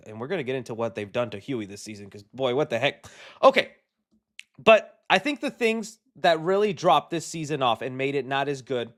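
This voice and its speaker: A man talking through a show review in a loose, chatty way. His voice sits on the higher side and swings all over the place, animated and full of slang. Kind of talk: casual solo review.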